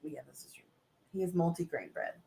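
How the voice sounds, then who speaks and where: A woman with a fairly low voice talks casually and with energy, laughing easily. Her voice carries a roomy echo. She is a schoolteacher on a podcast. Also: a little fast, gravelly, slight background noise. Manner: lively, laughs easily, talkative. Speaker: elementary school teacher. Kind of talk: casual chat.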